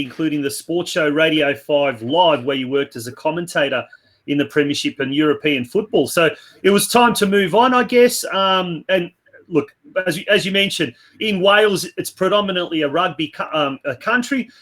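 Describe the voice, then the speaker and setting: A man's voice: fairly high pitch, normal speed, a bit bright. A man co-hosting a podcast, asking long rambling questions full of fillers. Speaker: podcast co-host. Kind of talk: casual podcast interview.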